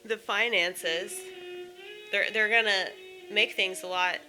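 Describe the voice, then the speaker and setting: A woman's voice: mid-range voice, steady tone, slow pace, sharp tone, faint music behind. A woman in a casual, blunt monologue, airing opinions and swearing freely.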